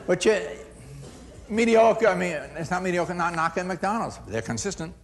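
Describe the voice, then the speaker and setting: A man's voice: sits high, normal speed. An older man giving a customer service seminar, telling stories with acted-out dialogue and frequent laughter. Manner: animated storyteller, acts out dialogue, laughs often. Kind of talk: storytelling seminar talk.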